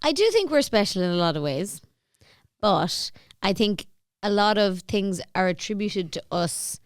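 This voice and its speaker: A woman's voice: medium pitch, animated, measured pace, smooth, dry recording, studio quality. An Irish woman hosting a podcast, chatting casually and agreeably and laughing easily. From Ireland. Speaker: podcast host. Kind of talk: casual chat.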